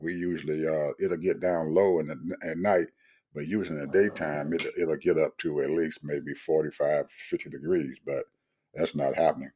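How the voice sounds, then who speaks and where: A man's voice: extremely low pitch, fairly even intonation, normal speed, mellow, husky. An older man, chatting casually and chuckling often, repeating himself as he talks. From Georgia, USA. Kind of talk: casual chat.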